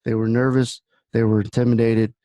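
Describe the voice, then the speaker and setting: A man's voice: mid-range voice, level tone, fairly quick, warm tone, no room sound. A man hosting a trading room, giving blunt market commentary that wanders into personal stories. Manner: blunt, rambling storyteller.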